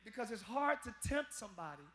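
A male pastor preaching a live sermon to his congregation, folksy and talking to them as y'all, with quiet asides that break into shouted peaks. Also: high voice, sing-song, fairly quick, slight background noise. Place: large church.

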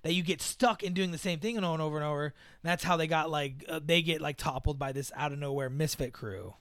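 A man co-hosting a casual movie review podcast, rambling and animated, often acting out lines from the film. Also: a little high, brisk, no room sound. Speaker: podcast co-host.

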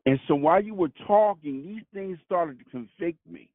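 A man's voice: sits high, normal speed, no echo. A man from Brooklyn, calling in to share a testimony, full of stammered restarts and "you know what I'm saying". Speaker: caller. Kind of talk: casual testimony on a call. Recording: dry tinny phone line.

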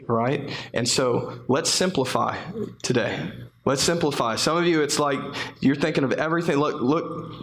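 Gravelly-voiced man preaching earnestly. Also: mid-range voice, normal speed, a bit bright, a little hiss or hum. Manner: earnest, repeats phrases, frequent restarts. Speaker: pastor. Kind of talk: conversational sermon.

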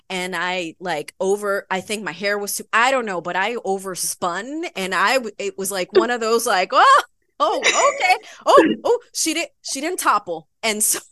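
A young woman tells a lively story as a podcast guest, breaking into laughter often. Her voice is bright and forward. The sound is dry and close. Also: mid-range voice, no echo. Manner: giggly, animated, laughs often. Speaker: podcast guest, bodybuilding pro. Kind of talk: casual storytelling interview.

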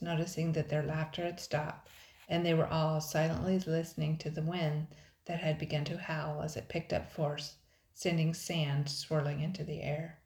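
An older woman with a notably low voice reads a children's storybook aloud, measured and expressive. Her voice carries a roomy echo around it. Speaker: storybook reader. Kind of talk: children's audiobook narration.

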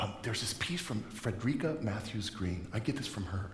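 A man's voice: lowish voice, expressive, normal speed, few pauses, slight background noise. Man preaching in an echoey hall. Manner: conversational, joking delivery. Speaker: pastor. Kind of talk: sermon. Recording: echoey hall with long reverb.

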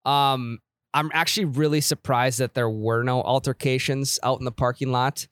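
A man co-hosting a casual podcast, joking and spinning out silly ideas. His voice sits in the middle range and sounds close and dry. He talks in a relaxed, easygoing way. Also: mid-range voice, normal speed, smooth, dry recording. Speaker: podcast co-host. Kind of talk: casual chat.

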